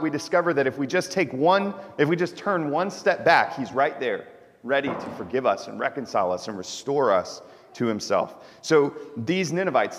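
A man of middle pitch preaches in a relaxed, conversational style, often tossing quick asides to his listeners. His voice carries a long church reverb, as if picked up in the sanctuary during a service. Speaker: pastor. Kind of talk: sermon.

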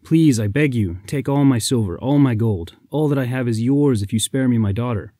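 A man's voice: medium pitch, normal speed, dark tone, no room sound, clean studio sound, lightly acted. A man voicing a distraught king who begs desperately to save his daughter. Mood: begging. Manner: pleading.

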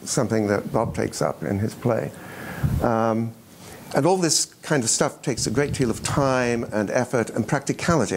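A man speaking as a panelist at a roundtable discussion, measured and hesitant, with frequent pauses and uhs. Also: lowish voice, a little hiss or hum.

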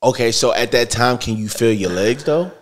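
A man's voice: medium pitch, normal speed. A man hosting an interview, asking short, probing questions and giving brief backchannels. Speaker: interviewer host. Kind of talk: conversational interview.

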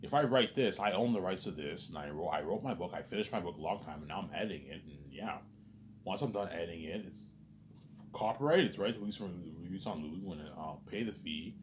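A man's voice: low-pitched, animated, quick pace, a little hiss or hum. A man delivering a rambling, agitated vlog monologue, repeating "obviously" and "man" and swearing often. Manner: repetitive, peppers speech with "obviously" and "man". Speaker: vlogger.

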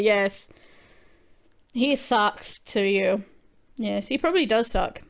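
A young woman chatting casually and bluntly with her viewers, crude and quick to giggle. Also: medium pitch, vocal fry. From Britain. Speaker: gaming livestreamer. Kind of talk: casual chat answering viewer questions.

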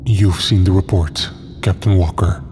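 Casting: a man playing a deep, dark-toned monotone cultist preaching calmly, long hall reverb. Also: unhurried, music in the background. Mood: calm menace. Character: deep-voiced monotone male cultist, calm and zealous.

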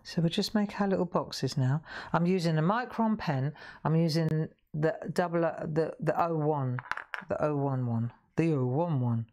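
Chatty low-voiced woman in her sixties. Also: normal speed, a little mellow. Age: 60s. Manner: chatty, rambling, self-interrupting. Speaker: craft show host. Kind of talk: live crafting demonstration chat.

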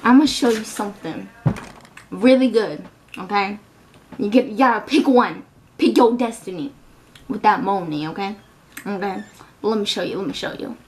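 A woman's voice: mid-range voice, moderate pace, pauses often, darkish tone, close to an everyday voice. A woman voicing a pushy male hustler in a comedic home video role-play, talking brash, coaxing and slangy.

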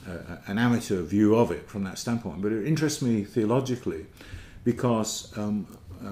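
A man's fairly low, warm voice carries an informal lecture on theology, thoughtful as he hunts for words, all captured with a roomy echo.

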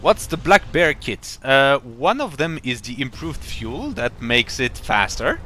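A man's voice: medium pitch, sing-song, measured pace, hardly any pauses, bright, forceful tone, a little hiss or hum. A man commentating a strategy game live, explaining in a rambling, playful way with many fillers and restarts. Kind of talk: casual live-stream commentary.

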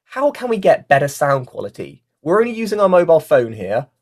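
A workshop facilitator teaches a casual online lesson into a mic with a fluffy foam cover, reading out chat comments and often saying "like" and "you know." Their mid-range voice is very animated and a little fast.

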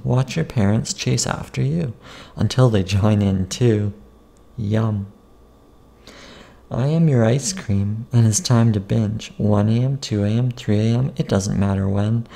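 A man reads his own picture book aloud in an unhurried, playful sing-song, chanting silly rhymes between asides about the pages. His voice is mellow and dark, with a gravelly rasp underneath. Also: on the low side.

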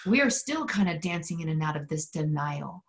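A woman with a deep, animated voice speaks fairly quickly as she leads a guided spiritual session from her mountain home. The workshop leader is earnest and intimate, swears freely, and guides call-and-response prayer.

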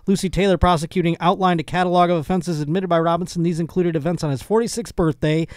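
A man's voice: high voice, steady tone, fast talker, darkish tone, dry recording, clean studio sound. A man hosting a casual comedy podcast, reading news stories aloud and breaking off for jokey asides. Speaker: podcast host.

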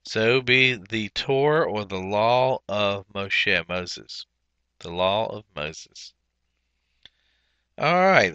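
A man's voice: lowish voice, bright, forceful tone, clean tone, dry recording, dull audio. A man teaching a language workbook lesson, explaining step by step with frequent fillers. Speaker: Hebrew teacher.

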